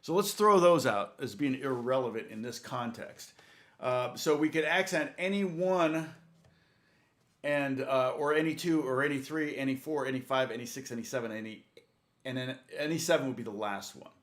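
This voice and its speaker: A man's voice: mid-range voice, normal speed, a bit bright. A man teaching guitar in a chatty, rambling way, laughing often and speaking to viewers by name, with guitar playing behind him. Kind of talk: live-streamed guitar lesson chat.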